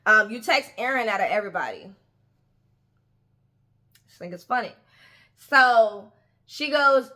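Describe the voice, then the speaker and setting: Woman, young, fairly high voice, bright tone, emphatic, repeats words for stress. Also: a little slow. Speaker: reality TV commentator. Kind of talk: opinionated casual commentary.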